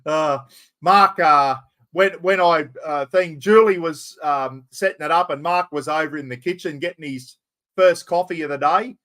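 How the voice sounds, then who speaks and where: An Australian man with a fairly high voice hosts a casual livestream. He chats easily and calls everyone mate, moving from one topic to the next. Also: moderate pace, bright, forceful tone. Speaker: host. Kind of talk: casual live-stream chat.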